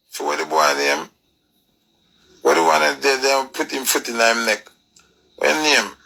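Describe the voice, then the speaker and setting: A man's voice: medium pitch, gravelly, sharp tone, poor audio. A man with a Jamaican accent delivering a preachy, emphatic rant full of rhetorical questions. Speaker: commentator. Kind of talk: ranting commentary.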